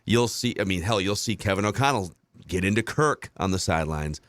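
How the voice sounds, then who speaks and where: A man in his thirties hosts a sports podcast, thinking out loud and circling back to hedge his points. His voice sits on the low side. The sound is dry and close. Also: animated, fairly quick, dry recording. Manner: thoughtful, hedging with many restarts. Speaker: podcast host. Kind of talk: casual sports talk.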